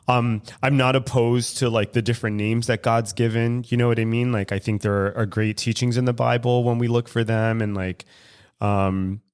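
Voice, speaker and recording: A man telling a personal story as guest co-host on a casual podcast, animated, laughing often and swearing. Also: medium pitch, moderate pace, clean tone. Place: recovery club room in San Francisco.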